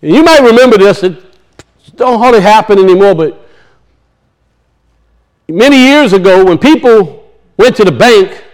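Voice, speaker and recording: Preacher guy, high voice, folksy storytelling in church, chuckles a lot. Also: animated, moderate pace, long pauses. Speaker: pastor. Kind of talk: sermon.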